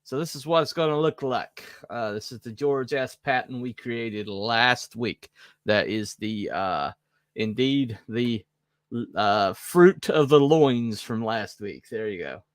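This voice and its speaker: A man from the Southern United States co-hosts a podcast, speaking slowly in a mid-range voice with no echo. His casual chat rambles, full of fillers, self-mocking jokes and asides.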